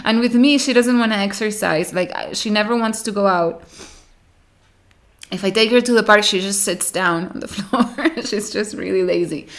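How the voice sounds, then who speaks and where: A woman vlogging to camera in casual chat, rambling with self-mocking, dramatic complaints. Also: medium pitch.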